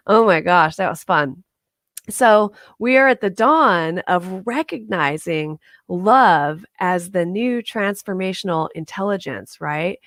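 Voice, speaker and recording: A woman's voice: on the low side, dry recording, studio quality. A woman reverend giving a conversational sermon to her congregation, often chuckling and asking "right?".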